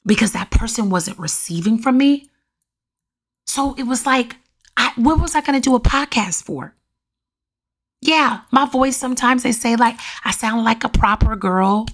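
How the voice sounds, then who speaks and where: A middle-aged woman hosting her own podcast, talking to listeners in a lively, preachy way and calling out to them often, with a voice that turns raspy at times. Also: a little high, a little slow. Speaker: podcast host. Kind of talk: casual solo podcast monologue. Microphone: USB condenser mic.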